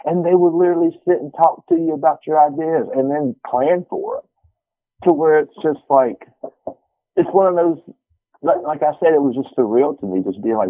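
A man's voice: fairly high pitch, normal speed, dry recording. A man who wrestles, talking in a casual interview in a brash, folksy way and swearing freely. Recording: tinny phone line.

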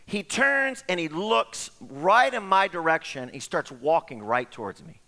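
A middle-aged man preaching a sermon as pastor, telling stories in an animated way and acting out the voices of the people in them. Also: on the high side, unhurried. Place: church sanctuary. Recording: long hall reverb.

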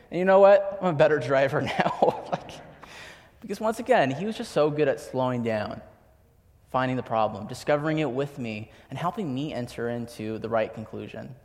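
A man's voice: medium pitch, animated, normal speed, darkish tone. A young man giving a sermon, telling personal stories in a casual, chatty way with lots of filler words. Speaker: preacher. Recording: long hall reverb.

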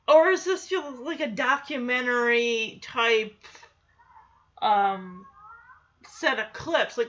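A woman's voice: a little high, slow pace, pauses often, fairly bright tone, muffled recording. A woman giving a chatty, casual recap of a TV episode, laughing often and acting out quoted lines. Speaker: show recapper.

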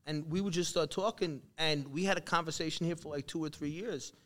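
Animated storytelling man, slightly high voice. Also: brisk. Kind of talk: casual chat.

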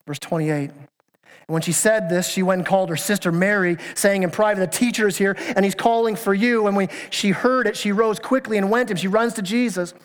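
A high-voiced man preaches a little fast as pastor in a church sanctuary. Earnestly and emphatically he questions his listeners again and again, occasionally stumbling into restarts, and the hall's long reverb colors the recording.

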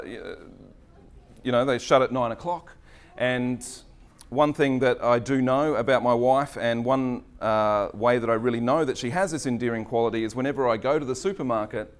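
A middle-aged man, preaching in a chatty, self-deprecating way and telling a personal story, with many fillers. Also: medium pitch. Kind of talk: storytelling sermon.

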